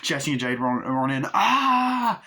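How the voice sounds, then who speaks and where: A man in his twenties recapping a horror film in a casual, excitable, rambling way, swearing freely. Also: mid-range voice, moderate pace. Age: 20s. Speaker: movie reviewer.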